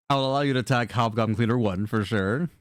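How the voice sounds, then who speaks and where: A man running a tabletop game, narrating the action playfully, laughing often and swearing freely. His voice sits at an ordinary pitch and sounds dry and close. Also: dry recording. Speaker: game master.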